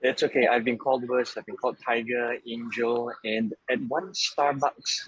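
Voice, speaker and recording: A man presenting at an online webinar, relaxed and joking, with plenty of fillers, from Malaysia. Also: medium pitch, normal speed, few pauses, slightly rough, poor audio. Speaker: webinar speaker, travel association president. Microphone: video call.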